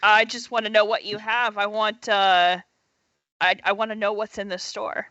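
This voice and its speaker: A woman's voice: medium pitch, little pitch movement, moderate pace, bright, forceful tone, no echo, highs cut off. A woman player in a tabletop game, asking eager questions in casual chat.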